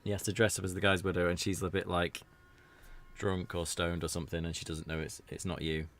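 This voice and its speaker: A British let's play streamer with a low-sitting, fairly bright voice gives casual commentary on a video game, talking a little fast in a flat delivery. He rambles and chats, tossing in jokey asides.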